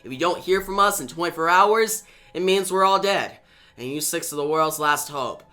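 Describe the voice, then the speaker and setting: A man reading the lines of a stern adult female superhero leader in a comic recap, sharp and impatient. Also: on the high side, normal speed. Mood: urgent.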